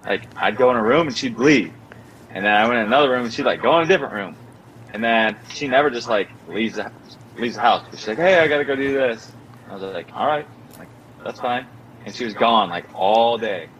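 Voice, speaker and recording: A man's voice: fairly quick, slight background noise, rough recording. Young man telling a story, full of "like". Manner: animated storyteller, many filler "like"s, acts out quotes in a higher voice. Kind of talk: casual storytelling chat.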